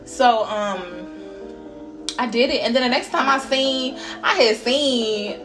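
A woman hosting her podcast at home, telling a casual story in a candid, animated way with frequent swearing and bursts of laughter. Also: fairly high pitch, takes it slowly, soft background music. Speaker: podcast host.

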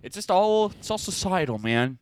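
A man's voice: high voice, big pitch swings, moderate pace, slight background noise. A young man co-hosting a casual podcast, laid-back and chiming in with short quips. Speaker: podcast co-host. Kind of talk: casual crude banter.

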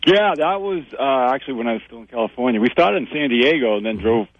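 Husky man on a dull phone line. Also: medium pitch, animated, quick pace, dry recording. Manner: easygoing, rambling, many fillers. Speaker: regular birding expert. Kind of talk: casual phone-in chat.

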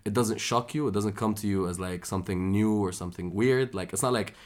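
Egyptian guy on a podcast, super low voice, animated, laughs a lot. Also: fairly quick. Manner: animated, chatty, laughs easily. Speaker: podcast co-host. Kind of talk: casual podcast chat.

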